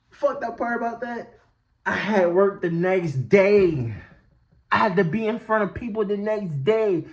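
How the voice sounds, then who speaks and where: A man's voice: high voice, unhurried, a bit bright. A man telling a storytime vlog in slangy talk, laughing often as he goes. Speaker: vlogger.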